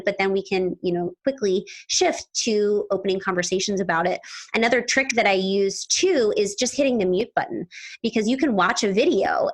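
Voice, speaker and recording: A woman hosting a podcast interview, upbeat and chatty, quick to laugh. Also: medium pitch, a bit bright. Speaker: podcast host.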